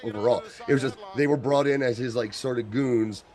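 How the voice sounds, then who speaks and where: A man co-hosting a casual chat, explaining in quick bursts with repeated restarts. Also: medium pitch, steady tone, darkish tone.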